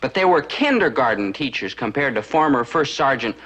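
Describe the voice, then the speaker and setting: A man's voice: medium pitch, sing-song, fairly quick, fairly bright tone. An actor playing an anxious, wry young man about to go into the army, in a 1960s sitcom, speaking to viewers with incredulous asides. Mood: wry narration. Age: young adult.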